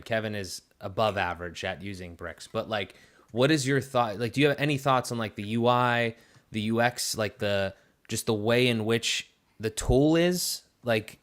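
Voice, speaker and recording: A man hosts a live chat and asks his questions in long, eager runs. His voice sits fairly low. He fills his sentences with "like" and restarts. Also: a bit bright. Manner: eager, rambling questions with many fillers. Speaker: show host.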